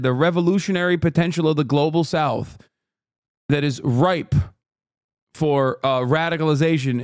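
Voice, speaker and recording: A man from Turkey, a streamer reacting to a video, ranting in a fast, profane, indignant way. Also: fairly high pitch, dry recording, clean studio sound. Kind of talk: heated live-stream commentary.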